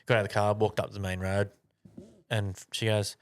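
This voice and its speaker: A man with a lowish voice and flat delivery tells a rambling anecdote at a moderate pace, swearing a lot. He's a podcast co-host in a casual storytelling chat.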